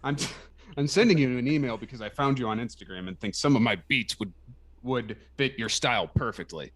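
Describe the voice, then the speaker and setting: A man's voice: medium pitch, brisk, fairly bright tone. A man co-hosting a live movie podcast, reading a listener email aloud in a dry, amused way. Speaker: podcast co-host. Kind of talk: casual live podcast banter.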